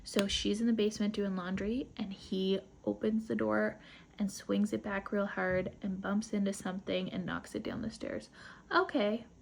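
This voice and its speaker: Woman host, casual book-club recap, light fry in the voice. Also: mid-range voice, animated, moderate pace, slight background noise. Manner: chatty, rambling retelling with asides.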